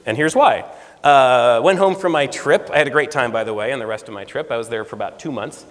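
A man in his forties from the United States, a guest speaker telling stories in a lively way and acting out the dialogue. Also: mid-range voice, brisk. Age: 40s. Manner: lively storyteller, acts out quoted dialogue. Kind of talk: storytelling talk. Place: lecture room. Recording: reverberant lecture hall.

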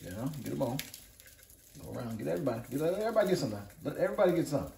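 Animated and very fast, he speaks at a medium pitch with vocal fry and a warm tone over slight background noise. As a cooking channel host in a casual video, he's hyped and chatty, using catchphrases on his viewers while cooking at home and then at a backyard grill outdoors. It's echoey audio from a distant camera.

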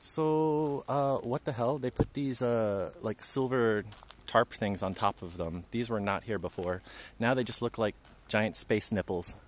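A man's voice: on the low side, unhurried, few pauses, slight background noise. A man livestreaming in a park forest, chatting and joking with his viewers. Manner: chatty, jokey, talks to viewers. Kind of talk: casual livestream chat.

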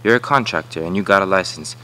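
Man reading defiant migrant farm worker, blunt and insistent, forceful bright voice, lowish pitch. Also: fast, poor audio.

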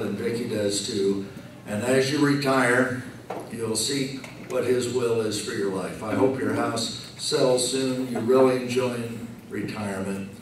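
A man giving a slow, joking farewell speech at a retirement reception, telling stories with punchlines. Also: mid-range voice, a bit bright, a little hiss or hum. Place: banquet room. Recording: echoey room from far off.

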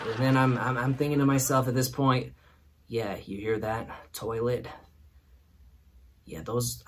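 A man's voice: medium pitch, a little hiss or hum. A man hosting a show, telling a comic story and laughing through it. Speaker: host. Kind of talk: comedic storytelling.

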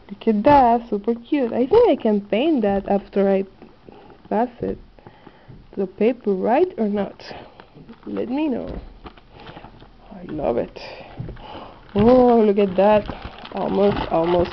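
Gushing woman, slow, lo-fi. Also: mid-range voice, slight background noise. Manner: excited, gushing, slightly non-native phrasing. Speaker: craft haul vlogger. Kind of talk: casual haul video. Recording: dull lo-fi home video audio.

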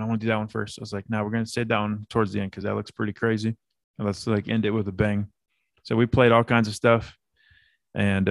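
A man co-hosting a podcast, telling an animated story in casual banter and swearing freely. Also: lowish voice, gravelly, dry recording, clean studio sound. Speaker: podcast co-host.

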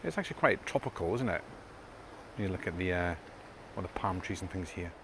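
A man's voice: deep voice, lively intonation, brisk. A man, chatting casually to viewers in a travel vlog. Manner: chatty, addresses viewers as folks. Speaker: travel vlogger.

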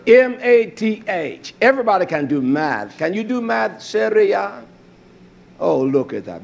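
A man preaching a fiery sermon, swinging from loud outbursts to low murmurs, with a husky voice. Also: sing-song, unhurried, dull audio.

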